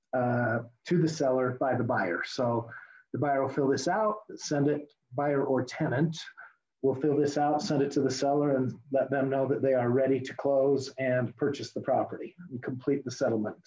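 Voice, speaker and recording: Fast-talking man teaching over a call. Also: medium pitch. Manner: fast-talking, steady walk-through of forms. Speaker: real estate class instructor. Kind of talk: virtual class lecture. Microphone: video call. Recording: muffled lo-fi video call audio.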